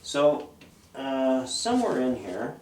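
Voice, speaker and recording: A man's voice: medium pitch, big pitch swings, slow pace, darkish tone, recorded from a distance, slight background noise. A man in his fifties, a guest in an interview, telling loose, rambling stories and listing old band names. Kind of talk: casual storytelling. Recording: roomy, away from the mic.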